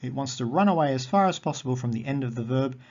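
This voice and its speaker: A man teaching a recorded grammar lesson, explaining patiently and repeating words slowly. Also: mid-range voice, expressive, darkish tone. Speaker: Greek teacher. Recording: dull lo-fi audio.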